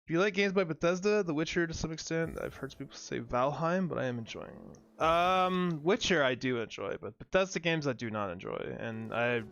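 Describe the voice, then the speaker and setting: A man's voice: a little high, expressive, fairly quick, hardly any pauses, fairly bright tone. A young man streaming a game, chatting casually and rambling with lots of fillers, laughs and casual swearing. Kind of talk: casual gameplay commentary.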